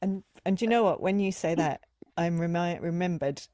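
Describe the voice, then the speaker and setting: A woman's voice: fairly low pitch, fairly quick, dark tone, no echo. A woman hosting a podcast, speaking in a reflective, explanatory way with frequent affirming interjections. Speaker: podcast host. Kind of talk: casual conversational interview.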